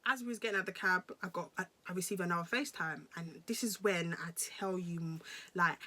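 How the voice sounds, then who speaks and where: A woman's voice: fairly low pitch, a little fast, bright, forceful tone. A woman in her twenties with a British accent, telling a personal story to her vlog viewers in an emphatic, slangy way, often repeating phrases. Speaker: vlogger.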